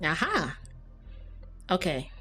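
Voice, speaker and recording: A woman's voice: fairly low pitch, huge pitch swings, slow, sharp tone, soft background music. A young woman streaming a game, chatting casually and rambling, often laughing. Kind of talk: casual live-stream chat while gaming.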